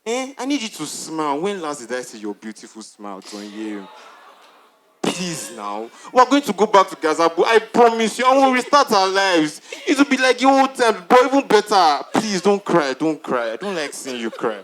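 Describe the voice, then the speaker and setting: A man's voice: high-pitched, very animated, moderate pace, a bit bright. An actor playing a remorseful young husband who pleads with his wife, in a church stage drama. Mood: pleading. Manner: pleading, playful and theatrical.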